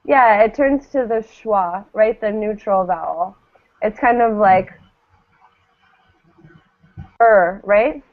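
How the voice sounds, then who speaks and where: A woman's voice: mid-range voice, slow pace, long pauses. A woman teaching English pronunciation, patiently modeling words for her class to repeat. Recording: tinny phone-like lo-fi sound.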